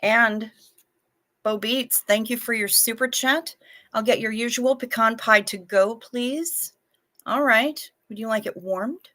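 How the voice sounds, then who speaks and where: A woman's voice: on the high side, a little slow, bright, forceful tone. A woman hosting a casual live stream, chatting frankly with viewers and swearing now and then, sounding anxious.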